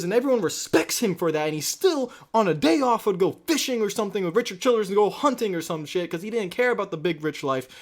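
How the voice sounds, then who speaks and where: A man rants in a reaction vlog, heated and swearing freely. His pitch swings widely as he rambles through his points, and his thoughts keep trailing off and restarting. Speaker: channel host.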